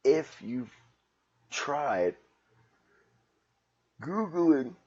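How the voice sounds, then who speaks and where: A man hosting a rambling solo comedy podcast, profane and sarcastic, just woken up and yawning, swinging between loud bursts and mumbles. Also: mid-range voice, very animated, drawn-out words, breathy edge, dull audio. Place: at home.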